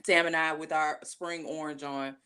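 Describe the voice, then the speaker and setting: A woman co-hosts a relaxed music podcast. Her voice is bright and forward. She chats in an animated way and laughs easily. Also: sits low, moderate pace, clean tone. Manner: chatty, animated, laughs often. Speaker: podcast co-host. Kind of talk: casual chat.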